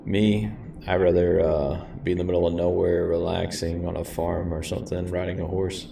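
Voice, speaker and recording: Low-voiced casual male streamer with a rambling manner, recorded a bit off-mic with faint hiss. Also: little pitch movement, moderate pace, vocal fry. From grew up in a city. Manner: laid-back, rambling, says "man" and "guys". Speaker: flight sim streamer. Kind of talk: casual gameplay commentary. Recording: echoey room, mic far off, faint hiss.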